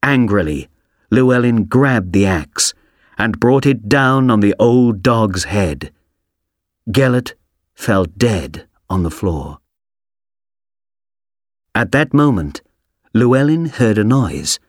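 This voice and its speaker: Slow expressive male story narrator. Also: fairly low pitch, no room sound, clean studio sound. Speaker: audio reader for a textbook.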